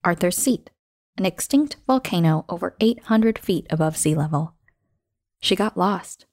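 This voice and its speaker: A woman hosting a show, reading a scripted story in a measured, expressive way that slows down for emphasis. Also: on the low side, no room sound, clean studio sound. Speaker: podcast host and narrator.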